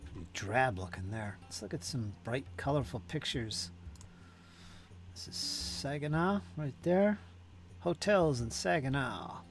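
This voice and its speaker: Over soft background music, a man with a medium-pitched, animated voice speaks at a measured pace. He hosts a miniature painting stream, chatting casually while he paints, musing aloud as he reads viewer comments and repeating words to himself.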